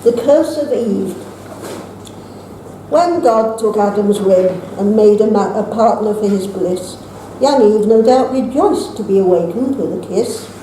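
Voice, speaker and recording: A woman's voice: medium pitch, measured pace, slight background noise. Woman reciting rhyming verse in an echoey room. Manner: steady rhyming recitation with wry, laughing asides. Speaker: poet at an open mic. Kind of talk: poetry reading. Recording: echoey room with faint ambience.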